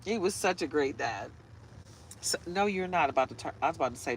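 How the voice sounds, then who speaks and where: Chatty woman with a bright voice. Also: deep voice, animated, brisk, long pauses, a little hiss or hum, poor audio. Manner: chatty storyteller, laughs often, gets choked up. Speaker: tarot reader. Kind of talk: casual chat to camera. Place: inside a parked truck.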